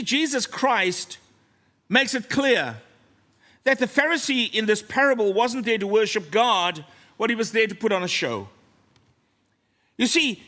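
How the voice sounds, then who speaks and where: A man preaching a sermon in a church, earnest and storytelling, often dropping to a soft, low voice.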